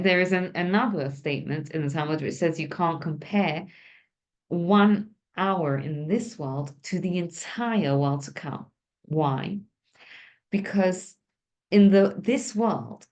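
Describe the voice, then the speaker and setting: A woman's voice: on the low side, slow pace. A woman teaching an informal religious lesson, talking conversationally and asking the group questions.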